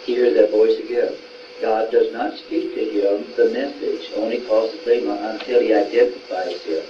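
A man's voice: on the low side, steady tone, normal speed. A man preaching in a homespun, folksy way and retelling Bible stories in quoted voices, in a room with a small gathering. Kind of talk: folksy sermon. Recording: roomy, distant, dull sound with faint noise.

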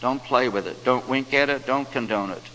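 A man's voice: medium pitch, sharp tone. Preaching man in a reverberant hall. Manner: preaching with scripture quotes, slowing for emphasis. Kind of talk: sermon. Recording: reverberant hall, faint hum.

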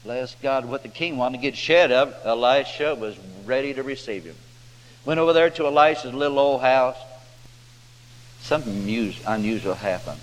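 A man preaches in a folksy, homespun manner, acting out the figures of a Bible story as he tells it. His voice rings in a reverberant hall, with a faint hum underneath. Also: mid-range voice. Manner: folksy drawling preacher who acts out the characters' voices.

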